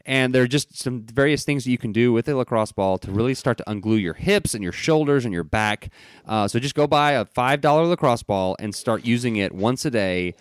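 A man hosting a podcast in casual chat, joking and rambling through quick asides. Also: medium pitch, expressive, no echo, studio quality. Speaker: podcast host.

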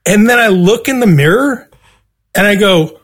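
A man, a guest, telling a story in casual, profanity-laden talk and acting out his own quoted lines with animated swings. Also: sits high, normal speed. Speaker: guest musician.

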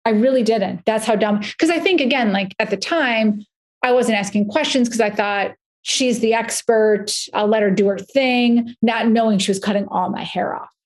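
A woman talking as a podcast guest, telling stories in a chatty, animated way with lots of "like". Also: on the high side, moderate pace. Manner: chatty, animated storytelling with frequent "like". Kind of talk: casual podcast conversation.

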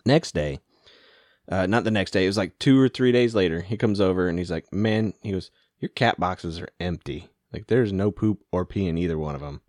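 A man's voice: deep voice, fairly quick, a little mellow, no echo, studio quality. A man co-hosting a podcast, telling stories in a laid-back, casual way and laughing often. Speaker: podcast co-host. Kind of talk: casual chat.

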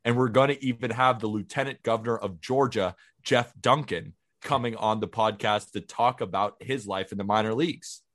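Lower-pitched man, eager podcast co-host. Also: normal speed, hardly any pauses, a bit bright. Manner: enthusiastic, heartfelt. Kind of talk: casual chat.

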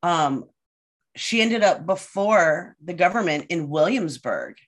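A woman guest on a podcast, casually telling a story with lively delivery and acted-out quotes. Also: lowish voice, slow pace. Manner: lively storyteller who acts out quoted voices.

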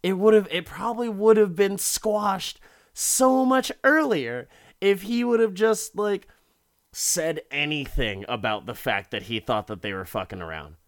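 A man's voice: sits high, animated, measured pace. A man casually recapping a story, profane and rambling, often repeating words.

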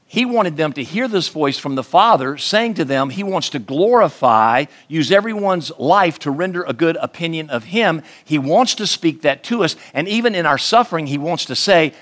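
A man preaching an earnest radio sermon as a pastor, slowing down to stress key words. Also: a little high, animated, a bit bright.

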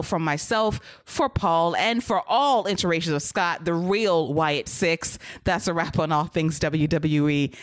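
A woman hosting a casual wrestling recap podcast, talking quickly and bluntly and laughing often. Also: deep voice, dry recording. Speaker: podcast host.

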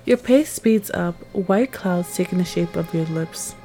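A woman narrating a tense second-person audio story in a measured way. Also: on the low side, dark tone, poor audio. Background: music.

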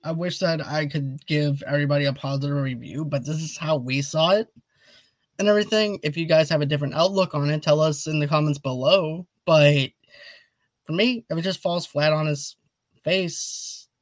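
A man hosting a casual video review chat, talkative and animated, urging viewers to comment. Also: fairly high pitch, moderate pace, no room sound. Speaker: video host.

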